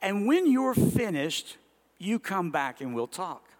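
A man voicing a tired father who wants some quiet time and speaks to his son in a patient, measured way. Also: high voice, sing-song, big-room sound, voice pushed up, full character voice. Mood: coaxing, puzzled.

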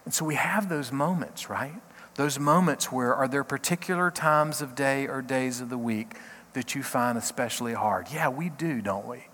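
A middle-aged man, a pastor, giving a short devotional talk in an earnest, halting way, often repeating words. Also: mid-range voice, a bit bright, in a large hall.

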